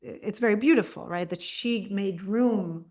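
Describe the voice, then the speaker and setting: A woman teaches a text-study lesson at an everyday pitch, walking her listeners through the sources step by step. She slips Hebrew terms into her speech. She often stops to check in with a quick "right?". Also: darkish tone. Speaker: Torah teacher.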